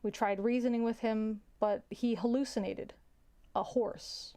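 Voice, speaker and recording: A young adult woman, a teacher, telling a story in a casual, halting way, often repeating words and sighing. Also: a little high, steady tone, dark tone.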